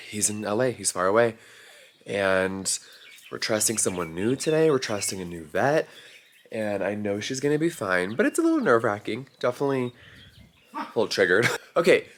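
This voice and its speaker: A man talking casually to camera in a vlog, expressive and swearing freely, slipping into high baby talk with his dogs. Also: normal speed, slight background noise. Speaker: vlogger. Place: home ranch and vet clinic.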